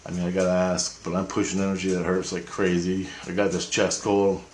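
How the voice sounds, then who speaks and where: Rambling low-voiced man in an echoey room. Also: monotone, a little fast, darkish tone, slight background noise. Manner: rambling, profane, repeats himself. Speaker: vlogger. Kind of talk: rambling spoken account of a dream.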